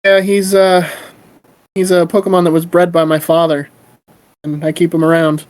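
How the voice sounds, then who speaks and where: A player speaking in character in a halting, hesitant way during a tabletop game. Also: mid-range voice, level tone, a little mellow, low-quality recording. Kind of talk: tabletop role-play.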